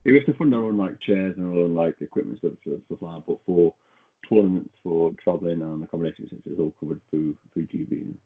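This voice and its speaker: A man answering interview questions as a guest, brief and matter-of-fact, trailing off quietly. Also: low-pitched, fast talker, narrow, tinny audio. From Britain. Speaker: podcast guest, athlete.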